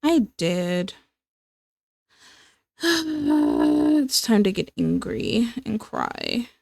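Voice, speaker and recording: Young woman rambling while she draws on stream, slow and unhurried, dry close sound, lots of likes and ums. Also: a little high, huge pitch swings, creaky, darkish tone, no room sound. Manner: rambling, filler-heavy, breaks into laughter. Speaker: streamer and illustrator. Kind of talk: casual chat while drawing.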